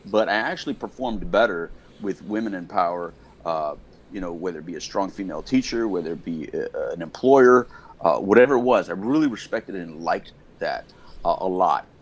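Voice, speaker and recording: A middle-aged American man co-hosting a casual podcast chat, telling stories in an animated way and acting out the people he quotes. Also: low-pitched, normal speed. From United States. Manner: storytelling, animated, acts out quotes. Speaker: podcast co-host.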